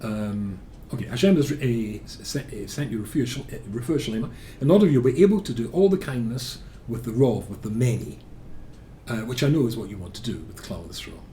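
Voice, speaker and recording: A man, a rabbi teaching a lesson as an animated storyteller, full of filler words. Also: medium pitch, fairly quick, slight background noise.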